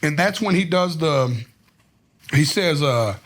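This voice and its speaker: A married man chatting casually as a podcast guest, telling stories in an animated, profane way. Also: a little high, takes it slowly. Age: adult, married. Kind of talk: casual chat.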